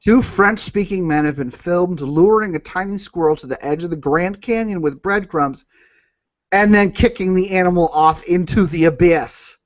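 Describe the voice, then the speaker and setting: A man's voice: sits high, normal speed, no room sound. A man co-hosting a casual comedy podcast, swearing freely, laughing, and reading news stories aloud with jokes. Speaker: podcast co-host. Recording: dull, dry lo-fi sound.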